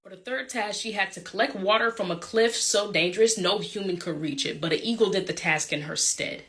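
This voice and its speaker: A woman's voice: mid-range voice, fairly quick, fairly bright tone. Woman storyteller, irreverent slangy myth recap, chatty. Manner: chatty, irreverent, joking asides. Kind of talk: casual myth retelling with slang.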